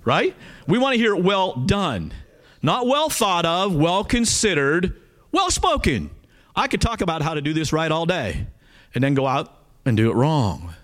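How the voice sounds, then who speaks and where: A man's voice: fairly high pitch, sing-song, measured pace, fairly bright tone. A man teaching a Bible study in a conversational, earnest way, often checking in with his listeners.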